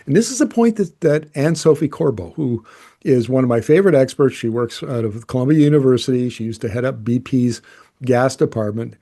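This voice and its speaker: Guy journalist talking gas demand numbers, mellow, kinda dark voice, casual and opinionated, lots of restarts. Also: mid-range voice, a little fast. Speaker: energy journalist. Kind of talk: explanatory commentary.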